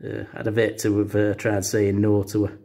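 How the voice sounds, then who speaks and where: A man telling a comic story in a deadpan, rambling way, full of hesitant fillers. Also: on the low side, moderate pace, gravelly. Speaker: comedy vlogger.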